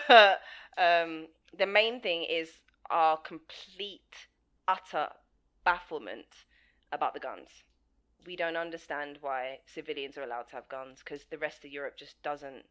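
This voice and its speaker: A woman with an English accent, co-hosting a podcast in casual chat, blunt and animated, swearing freely. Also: sits low, a little slow. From England. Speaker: podcast co-host.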